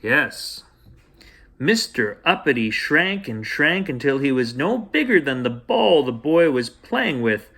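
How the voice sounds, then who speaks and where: Man, bedtime storyteller, playful gentle reading, lively melodic pitch, mid voice. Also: slow pace. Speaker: storyteller host. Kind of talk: bedtime story read aloud.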